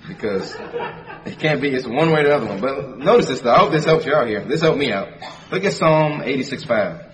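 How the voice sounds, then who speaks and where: A man's voice: mid-range voice, animated, brisk. Man preaching from a distant mic. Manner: reads scripture in King James wording, then explains it conversationally; emphatic, repeats phrases. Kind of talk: sermon. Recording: distant mic with faint background noise.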